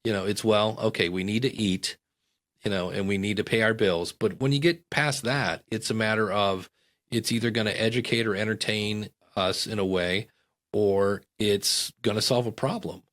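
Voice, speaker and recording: Middle-aged male guest, casual and animated, a storyteller who slips into voices. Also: on the low side, moderate pace. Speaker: podcast guest.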